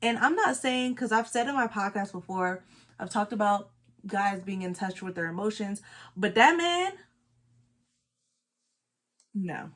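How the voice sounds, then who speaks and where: A woman's voice: medium pitch, animated, measured pace, pauses often, a bit bright. Emphatic woman from Los Angeles. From Los Angeles, California. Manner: emphatic, repeats points for emphasis. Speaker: beauty vlogger. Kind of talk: casual chat while doing makeup.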